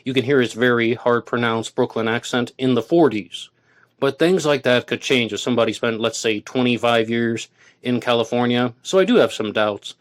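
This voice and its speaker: Man hosting a solo podcast. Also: mid-range voice. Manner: argumentative, reads quotes aloud and rebuts them. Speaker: podcast host.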